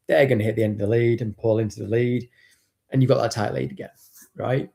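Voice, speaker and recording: A man's voice: medium pitch, quick pace, vocal fry, mellow. A man hosting a live stream as a dog trainer. He talks casually and bluntly, swears now and then, and greets chat viewers by name.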